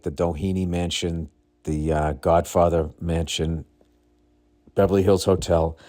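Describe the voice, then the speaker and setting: A man with a low, deep voice hosts a podcast in a casual, rambling monologue. He talks bluntly and swears freely, and his stories tumble out with excitable energy. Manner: profane, blunt, excitable storytelling. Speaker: podcast host.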